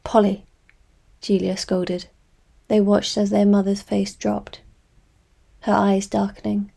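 A woman reading a novel aloud in measured, scripted narration. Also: mid-range voice, completely flat delivery, gravelly, dark tone, husky. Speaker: audiobook narrator.

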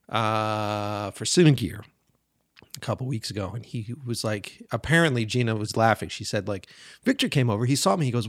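Male, 40s, podcast host. Lively storyteller with an expressive voice, dry room. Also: medium pitch, no room sound. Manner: animated, profane, acts out quoted people. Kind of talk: casual storytelling.

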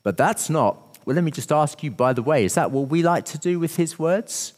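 A man preaching a sermon as pastor, animated, asking the congregation rhetorical questions and acting out little scenes. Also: on the high side, normal speed, big-room sound.

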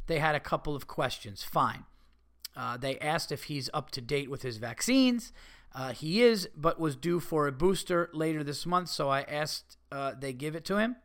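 A man hosting a podcast, reading listener letters aloud with profane, animated commentary and frequent laughter. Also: mid-range voice, clear, resonant tone. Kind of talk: casual comedic rant.

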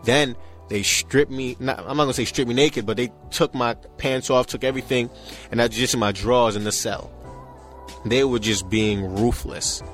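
Animated young man. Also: medium pitch, normal speed, soft background music. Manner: animated, acts out quoted voices, frequent "you know what I'm saying". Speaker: interview guest. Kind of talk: casual storytelling in conversation.

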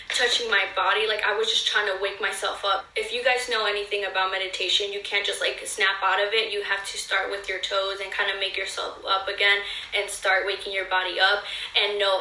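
A woman's voice: medium pitch, pushed and bright, distant mic. A young woman earnestly telling a personal story to her viewers in a casual, filler-heavy way. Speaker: vlogger. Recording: echoey room, voice a bit off-mic.

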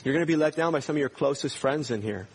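A man's voice: a little high, fast talker, slightly rough. A male pastor preaching a sermon in a church, earnestly putting pointed questions to his congregation.

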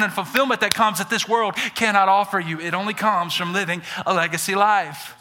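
A male pastor from Alabama with a Southern accent, preaching an energetic sermon that builds to shouts on key points. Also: sits high, brisk, hardly any pauses, a little hiss or hum. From Birmingham, Alabama.

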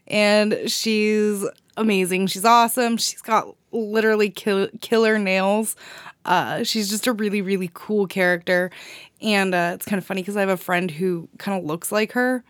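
A woman's voice: mid-range voice, no echo. Woman podcast co-host, casual and enthusiastic, dry close-miked sound. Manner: rambling, enthusiastic, laughs often. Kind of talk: casual chat.

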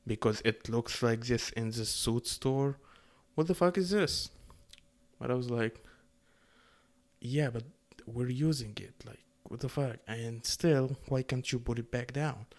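A young man from the Middle East ranting casually, profane and sarcastic, with animated swings in his voice. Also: medium pitch, measured pace. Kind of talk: casual rant to camera.

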